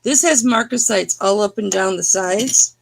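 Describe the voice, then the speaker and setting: Slow-talking woman with a gravelly voice. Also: mid-range voice, slight background noise. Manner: chatty, teasing, talks to viewers by name. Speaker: live jewelry auction host. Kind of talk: casual live-stream selling chat.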